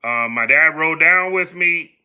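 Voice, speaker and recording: Animated middle-aged man telling a story. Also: on the high side, a little slow, clear, resonant tone. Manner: animated, acts out quoted voices. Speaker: podcast host telling his story. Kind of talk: casual storytelling.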